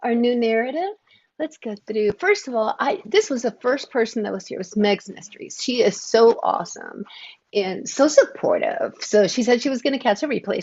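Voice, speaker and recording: An Oklahoma woman co-hosts a true-crime livestream, chatting casually and greeting viewers by name with bubbly energy. Her voice is on the high side, expressive and a little mellow with a breathy edge, at a moderate pace, and the stream audio is dull and lo-fi.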